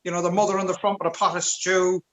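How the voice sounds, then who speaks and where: Bright, high Irish man telling a yarn. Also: level tone, fast talker, poor audio. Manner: stammering restarts, chuckles through the telling. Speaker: stand-up comedian. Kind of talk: rambling anecdotal stand-up. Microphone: video call.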